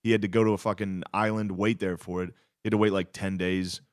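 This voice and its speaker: A young man from Pennsylvania, low-voiced and laid-back, telling a history story with plenty of swearing and filler words. The sound is dry and close on a studio mic. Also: level tone, fast talker, no room sound. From Pennsylvania, United States. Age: young adult. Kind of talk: casual crude podcast chat.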